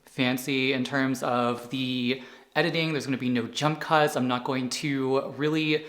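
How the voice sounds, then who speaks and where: A man's voice: mid-range voice, fairly even intonation, unhurried, a bit bright, roomy sound. A man talking to camera in an unedited sit-down vlog, rambling with fillers and restarts as he explains his content. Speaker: anti-aging content creator.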